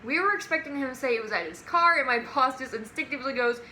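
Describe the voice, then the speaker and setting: Young woman, casual storytime, giggly and animated, fairly high bright voice. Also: fast talker, slight background noise. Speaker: vlogger.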